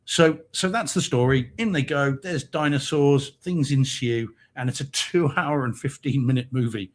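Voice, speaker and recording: A man's voice: mid-range voice, moderate pace. A British man co-hosting a casual live-stream chat, rambling and hesitant with lots of ums, laughing often. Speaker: co-host. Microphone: remote video-call mic.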